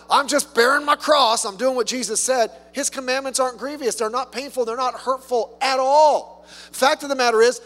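A lively, high-voiced pastor preaches a sermon conversationally, using rhetorical questions and humorous asides, with the long reverb of a hall around him.

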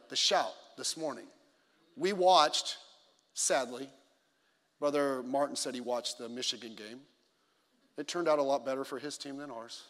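A man preaching a sermon in a church auditorium, animated and storytelling, swinging between loud exclamations and quiet asides as he acts out other people's lines. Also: on the high side, in a large hall.

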